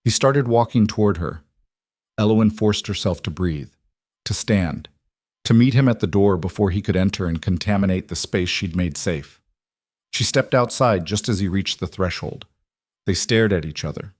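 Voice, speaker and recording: A man giving a scripted narration of a romance story in a steady, even way. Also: deep voice, normal speed, dry recording, clean studio sound.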